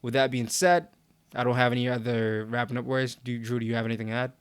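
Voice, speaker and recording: Young man, podcast co-host, casual slangy chat, mid pitch, dry close mic. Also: fairly even intonation, quick pace, clear, resonant tone, no room sound. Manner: casual, swears, laughs often, slangy.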